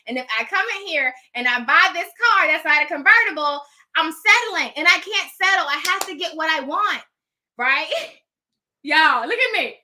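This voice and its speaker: A woman telling a personal story in casual style, animated, laughing often and acting out the dialogue. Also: sits high, moderate pace. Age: adult with children.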